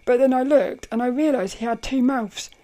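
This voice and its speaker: A woman hosting a casual solo podcast, telling a story in a rambling, animated way, often laughing and restarting her sentences. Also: high voice, normal speed. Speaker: podcast host.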